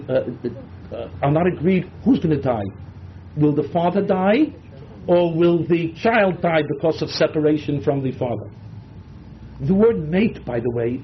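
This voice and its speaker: A male Torah teacher lecturing with real passion, his voice sitting fairly high for a man. He mixes Hebrew and Yiddish words into his English. The recording is dull and lo-fi, with a faint hiss under it. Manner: impassioned, dramatizing the text. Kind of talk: Bible class lecture.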